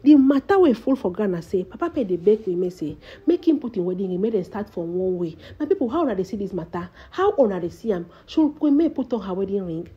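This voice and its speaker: A woman with a Nigerian Pidgin English accent relays celebrity gossip in a dramatic storyteller's way, calling out to her audience again and again. Her voice is mellow and slightly husky. The recording sounds dull and lo-fi. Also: mid-range voice, very animated, quick pace, few pauses. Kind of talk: casual gossip commentary.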